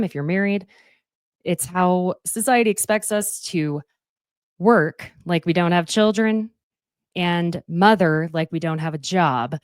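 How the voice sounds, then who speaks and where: A woman's voice: on the low side, dry recording, studio quality. A young woman hosting a podcast, recapping a reality show in a chatty, opinionated way and quoting cast members. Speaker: podcast host. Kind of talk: casual recap commentary.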